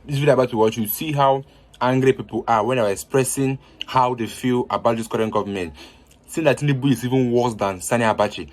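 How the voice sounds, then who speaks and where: A man's voice: mid-range voice, quick pace. A man, hosting a news vlog and earnestly addressing viewers. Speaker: vlog host. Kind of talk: news commentary.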